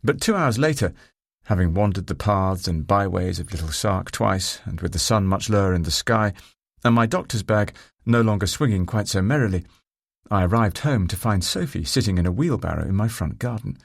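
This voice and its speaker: A man narrating a first-person novel in a measured, dry and wry manner. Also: sits low, lively intonation, creaky, no room sound. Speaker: audiobook narrator.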